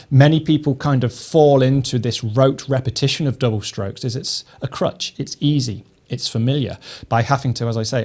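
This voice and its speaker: Male drum tutor, calm and methodical, mid-pitched, steady lesson delivery. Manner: measured, methodical explaining. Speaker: drum teacher. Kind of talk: instructional lesson.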